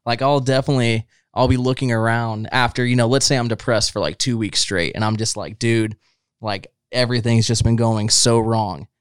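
A laid-back man hosts a casual podcast. His middle-pitched voice is smooth and clear, full of "like" and "bro," recorded close and dry. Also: fairly even intonation, normal speed, no echo. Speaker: podcast host.

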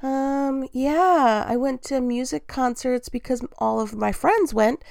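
A woman's voice: high voice, slow, vocal fry, darkish tone, no echo. A woman in her thirties hosting her own podcast, talking candidly and casually, often breaking into laughs. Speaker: podcast host. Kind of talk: casual solo podcast talk.

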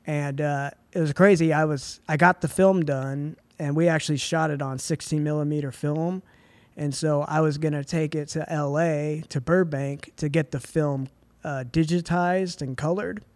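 A young man with a somewhat higher voice tells his story on a podcast, loose and chatty, full of filler words. The sound is dry and close. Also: normal speed, no room sound. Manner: relaxed and chatty, full of "like" and "dude". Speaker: film writer and director, podcast guest. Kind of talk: casual storytelling in a podcast interview.

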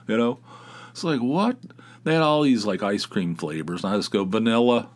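A middle-aged man with a low voice hosts his own podcast, talking alone in a loose, casual way. He rambles through everyday stories with self-mocking humor and works himself up as he tells them. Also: sing-song, moderate pace, fairly bright tone. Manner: rambling, self-mocking storyteller who gets fired up. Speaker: podcast host. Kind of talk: casual solo chat.

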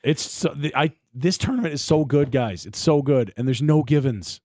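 Chatty radio co-host. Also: male voice, on the high side, moderate pace, a little mellow, dry recording, studio quality. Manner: chatty, enthusiastic, tosses to callers. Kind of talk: casual sports radio banter.

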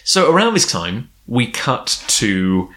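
A lively podcast co-host chats casually while recapping an anime, laughing often and acting out the characters' lines. His mid-range voice moves at a slow pace.

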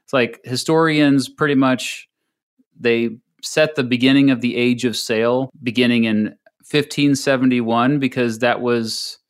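A man's voice: medium pitch, steady tone, unhurried, clean tone. A man co-hosting a podcast, chatting casually, laughing easily and reading out history facts. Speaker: podcast co-host.

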